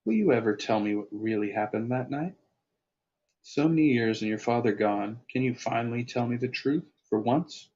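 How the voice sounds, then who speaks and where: A man's voice: medium pitch, moderate pace, darkish tone, natural voice. A man voicing a bitter, widowed elderly mother who speaks with clipped contempt. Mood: accusing. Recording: lo-fi, dull sound.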